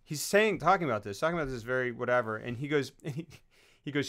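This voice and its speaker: A man's voice: mid-range voice, lively intonation, fast, fairly bright tone. A man on a casual film podcast, rambling as he retells movie scenes. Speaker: podcast co-host.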